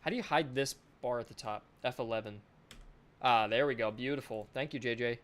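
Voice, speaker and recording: A man's voice: mid-range voice, a little fast, a bit bright. A male game developer thinking aloud in a casual live stream, chatty and self-mocking, swearing offhandedly, speaking into a desk microphone.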